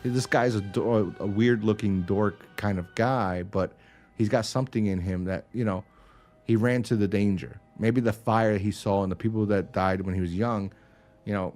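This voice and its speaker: Low and a bit dark, a man's voice carries a casual podcast chat where he retells a TV episode. His recap wanders and turns profane, and he performs the characters' lines loudly.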